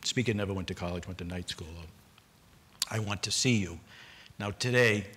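Older Boston man, panel storyteller, earnest, bright and lowish voice. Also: moderate pace, slight background noise. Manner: earnest, with repeated restarts and brief laughs. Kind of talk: personal storytelling at a public forum.

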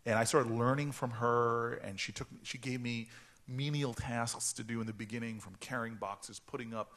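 A man in his forties from New Jersey tells stories at an author event, in a mid-range voice. He talks with animated energy and trips over his words in quick restarts. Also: medium pitch. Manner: animated storytelling with stammering restarts. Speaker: author guest.

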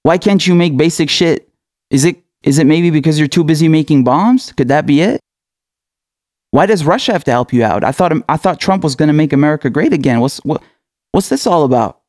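A man's voice: a little high, lively intonation, fairly quick, a little mellow, dry recording, studio quality. A man giving sarcastic political commentary, mocking and taunting his listeners with rhetorical questions and frequent laughs.

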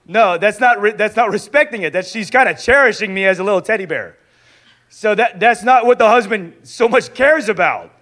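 A young adult man teaching in a sermon style, lively and acting out little dialogues as he goes. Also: high-pitched, normal speed. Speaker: pastor teaching a discipleship school.

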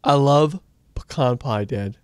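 A man hosting a casual game let's-play, excitable and playful, often bursting into high yelps. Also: takes it slowly, clean tone, no echo. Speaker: gameplay channel host.

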